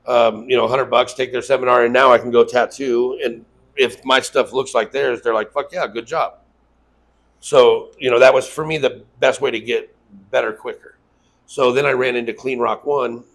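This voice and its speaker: A man's voice: medium pitch, level tone, normal speed, fairly bright tone, rough recording. Man, tattoo shop owner, casual interview, swears a lot, acts out quotes. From Las Vegas. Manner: loose, profane storytelling with acted-out quotes.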